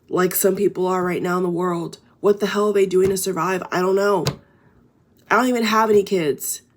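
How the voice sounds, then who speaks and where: A woman's voice: lowish voice, a little mellow. A woman talking straight to her viewers in a casual spiritual vlog, earnest and emphatic, with filler words and swearing. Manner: earnest and emphatic, addresses viewers as guys, frequent you know and swearing. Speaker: spiritual vlogger. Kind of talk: casual direct-to-camera monologue.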